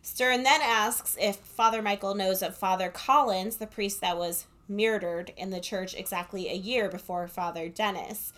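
A woman's voice: mid-range voice, steady tone, moderate pace, hardly any pauses, fairly bright tone. Chatty, sarcastic woman recapping a film. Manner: chatty, sarcastic, laughs often. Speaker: podcast co-host. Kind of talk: casual chat recapping a film. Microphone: headphones with a corded mic.

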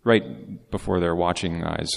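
A man's voice: low voice, steady tone, a little slow, vocal fry. A man preaching a sermon as pastor, in a conversational way with casual asides. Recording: long reverb of a large hall.

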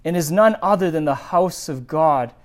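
Animated pastor reading and riffing. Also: male voice, on the high side, moderate pace. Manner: animated, digressive asides between readings. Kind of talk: sermon, scripture reading with commentary.

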